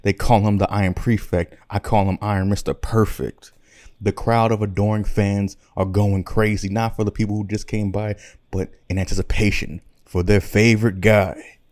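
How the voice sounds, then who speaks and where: A man's voice: on the low side, flat delivery, normal speed, a little mellow, no room sound, studio quality. A man hosting a podcast, telling a rambling comic story in slangy casual speech. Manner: rambling, slangy, with self-corrections. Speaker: podcast host. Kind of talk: comedic storytelling.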